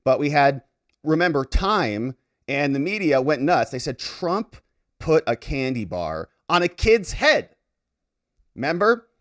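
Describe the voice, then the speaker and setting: A man hosting a casual commentary, talking loosely and cracking jokes over clips. His voice rides fairly high and swings with animated intonation. The sound is dry and close, with faint music underneath. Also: measured pace, no room sound. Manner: animated, chatty, jokey asides. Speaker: lawyer commentator, host.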